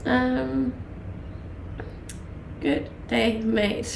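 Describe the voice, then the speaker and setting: Woman in her late twenties, Danish accent with a blended English twist, gravelly voice, roomy sound, casual streamer chat. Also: medium pitch, unhurried, slight background noise. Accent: Danish with mixed English accents. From Denmark. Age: late 20s. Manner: chatty, many ums and laughs. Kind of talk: casual chat reading live chat.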